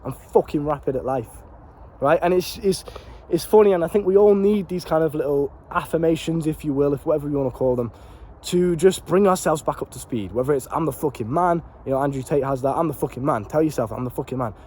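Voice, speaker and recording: Fast-talking young man, slangy. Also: a little high, husky. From Britain. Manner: animated and swearing, slangy and repetitive. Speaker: vlogger and life coach. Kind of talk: casual motivational monologue.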